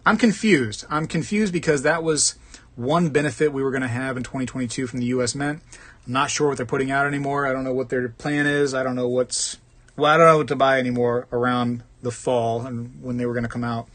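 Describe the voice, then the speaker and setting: A man hosts a live stream in a loose, conversational way, reading viewer comments aloud and answering them one by one. He jokes around and calls people "man" often. His voice sits at an ordinary middle pitch. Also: fairly even intonation, a little fast, fairly bright tone. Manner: chatty and joking, says "man" often. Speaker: host of a live coin collecting stream.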